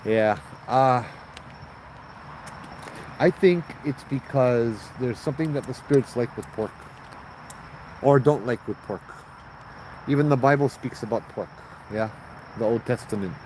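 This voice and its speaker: A man with a Hawaiian Pidgin accent hosting a livestream, telling a ghost story in a lively way and putting on high voices for the people in it. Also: unhurried, long pauses, slight background noise, rough recording. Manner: animated, acts out voices in high pitch. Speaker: host telling ghost stories.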